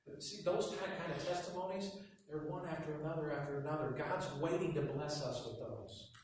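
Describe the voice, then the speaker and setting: A man preaching a sermon as pastor, telling stories with quiet asides and loud emphatic bursts. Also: fairly high pitch, fairly quick, slight background noise. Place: church hall. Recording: echoey hall from far off.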